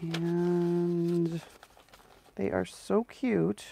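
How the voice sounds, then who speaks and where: Slow, gravelly woman chatting while crafting. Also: fairly low pitch, steady tone, warm tone, slight background noise. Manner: chatty, sarcastic, talks to herself while working. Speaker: crafting livestream host. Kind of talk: casual crafting chat to live viewers. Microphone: close mic.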